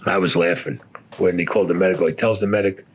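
Husky older man, blunt and profane. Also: sits low, steady tone, fast. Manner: blunt, profane, heavy cursing. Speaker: war veteran. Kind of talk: storytelling interview.

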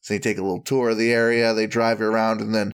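A man co-hosting a casual comedy podcast, telling stories in an animated, joking way. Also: quick pace, clear, resonant tone. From Wisconsin. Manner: animated, jokey storytelling with bursts of high-pitched bits. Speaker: podcast co-host.

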